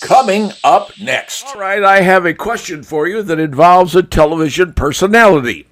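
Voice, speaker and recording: A man's voice: high voice, moderate pace, background noise. A male talk show host giving a folksy, conversational opinion monologue, speaking straight to his viewers.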